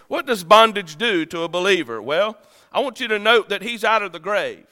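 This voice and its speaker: A male pastor preaching a sermon to a church congregation, with dramatic swings between loud declarations and soft, low lines. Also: animated, a little fast, in a large hall. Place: church sanctuary.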